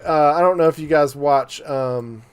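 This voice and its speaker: A man talking his way through a strategy game on a live stream. His voice sits a little high, and his commentary stays loose and joking, full of fillers and asides to viewers. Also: moderate pace, smooth. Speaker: gaming streamer.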